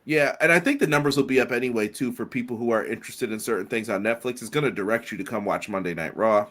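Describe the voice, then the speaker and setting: A man's voice: mid-range voice, fast, fairly bright tone. A man co-hosting a wrestling podcast, chatting casually and reading out listener comments. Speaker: podcast co-host.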